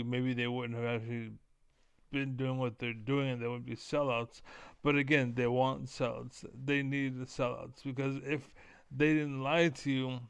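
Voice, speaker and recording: Gravelly, flat-voiced man ranting profanely. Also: mid-range voice, dry recording. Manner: rambling, profane, keeps repeating filler words; frequent throat clearing. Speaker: streamer. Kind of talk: casual rant to camera.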